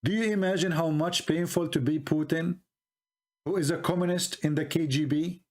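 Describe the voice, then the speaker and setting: Middle Eastern man with an Arabic accent and a slightly high voice, delivering a mocking, deadpan-ironic rant. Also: moderate pace. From Middle East. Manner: mocking, ironic, rambling asides. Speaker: online commentator. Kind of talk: sarcastic monologue.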